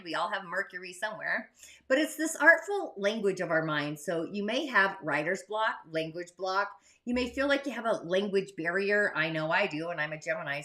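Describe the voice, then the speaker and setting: A woman's voice: medium pitch, bright, forceful tone. A woman hosting an astrology livestream, talking in a rambling, chatty way full of asides and rhetorical questions. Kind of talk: casual spiritual livestream monologue.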